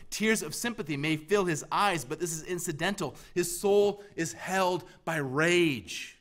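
A man preaching a sermon as pastor, emphatic, pressing repeated questions and swinging from loud to hushed. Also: fairly high pitch, unhurried, hardly any pauses.

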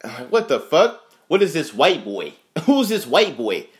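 A man's voice: a little high, big pitch swings, unhurried, husky. A man in his thirties delivering a profane, comedic rant with laughing asides. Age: 30s. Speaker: comedian host.

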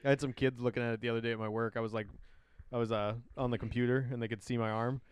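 A man's voice: mid-range voice, little pitch movement, very fast, smooth, no echo. A man in his late twenties chatting casually on a podcast, rambling with lots of fillers and laughter. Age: late 20s. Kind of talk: casual chat.

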